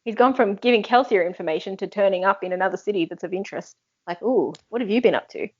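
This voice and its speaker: A woman's voice: mid-range voice, fast. A woman co-hosting a book podcast who speculates in a playful, casual way. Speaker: podcast co-host. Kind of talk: casual book-club chat. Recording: dull lo-fi audio.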